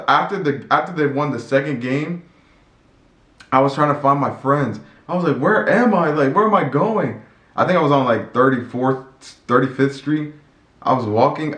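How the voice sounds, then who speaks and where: A man vlogging in a casual, storytelling way, excitable and rambling, with many restarts and repeated words. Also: medium pitch. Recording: echoey room with faint music.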